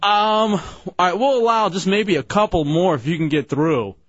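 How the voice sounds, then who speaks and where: A man's voice: sits high, fairly bright tone, no room sound, muffled recording. A man hosting a casual call-in radio show, laughing and teasing his co-hosts and callers. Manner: laughing, teasing, quick back-and-forth.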